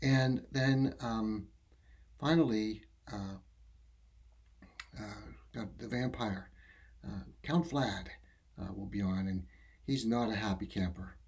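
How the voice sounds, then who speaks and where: A man hosting a podcast, wrapping up a segment in a soft-spoken, halting way with many fillers. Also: lowish voice, slightly rough. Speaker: podcast host. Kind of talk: casual podcast wrap-up.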